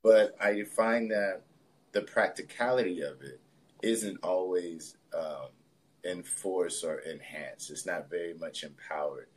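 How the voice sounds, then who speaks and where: Guy with a lowish voice, chill reflective storytelling, lots of "you know" and "like". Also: slow, a little hiss or hum. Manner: relaxed, reflective, loose with fillers like "you know" and "like". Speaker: podcast guest, spiritualist and healer. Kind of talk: casual personal storytelling in an interview.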